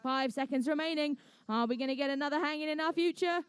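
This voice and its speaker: Playful high-voiced English woman commentating. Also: quick pace, no room sound. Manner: playful, chatty, jokey asides. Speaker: referee and match commentator. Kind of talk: live event commentary. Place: indoor competition venue.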